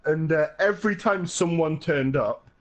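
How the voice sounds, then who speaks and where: A man's voice: on the high side, moderate pace. Young man telling rambling stories. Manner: rambling, laughing storyteller, swears freely. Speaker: podcast co-host. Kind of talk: casual chat.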